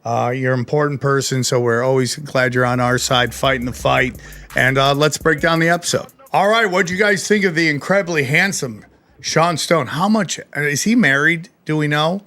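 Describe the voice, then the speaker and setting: A man hosting a casual podcast, with a bright, forceful voice a little higher than most men's. He talks in an animated way, swears freely and keeps saying "dude". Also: normal speed. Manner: animated, profane, says "dude" often. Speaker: podcast host.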